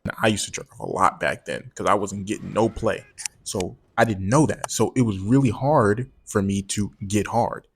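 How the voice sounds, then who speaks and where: A man with a fairly low voice tells a personal story straight to the camera. He talks loose and slangy, swears freely and stumbles over repeated words as he rambles on. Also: normal speed, vocal fry, a little hiss or hum. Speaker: vlogger telling a personal story. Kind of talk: casual storytime monologue.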